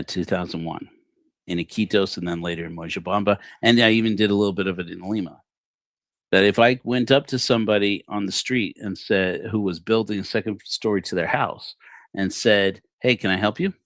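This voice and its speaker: A man in his forties with a fairly low voice tells a story from his own life, jumping up in pitch when he acts out what people said. The sound is close and dry, with no room around it. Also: dry recording. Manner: animated, acts out dialogue. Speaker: livestream host. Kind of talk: personal storytelling.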